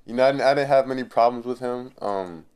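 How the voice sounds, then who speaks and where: A young man chatting casually on a podcast, skeptical and deadpan, often trailing off quietly. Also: medium pitch, fast talker, very noisy. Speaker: podcast co-host.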